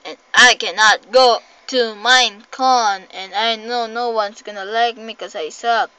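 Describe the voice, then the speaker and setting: A woman's voice: a little slow, clear, resonant tone, no room sound. Jumpy young Filipino woman gaming. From Philippines. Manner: jumpy, excitable, swings between loud panicked cries and low mutters. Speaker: gamer. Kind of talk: game commentary. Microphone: phone mic. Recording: dull lo-fi phone recording with faint noise.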